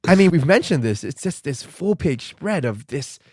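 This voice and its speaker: A man co-hosting a podcast, chatting casually and excitably about a comic, laughing often. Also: on the high side, normal speed, dry recording, studio quality. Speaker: podcast co-host.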